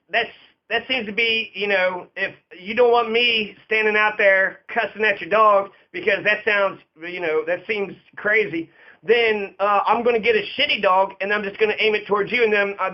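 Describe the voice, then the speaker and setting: A man with a noticeably high voice holds forth in an unscripted rant, swearing freely and repeating lines for emphasis. The recording sounds dull and lo-fi. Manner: profane, emphatic and repetitive. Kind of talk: casual ranting monologue.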